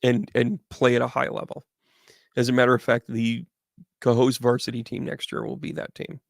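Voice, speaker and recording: Speaking in a level tone at a moderate pace, a middle-aged, medium-built host spins a rambling, chatty tale for a live crowd, often starting over. His mid-range voice is creaky, and the studio-quality recording has no echo.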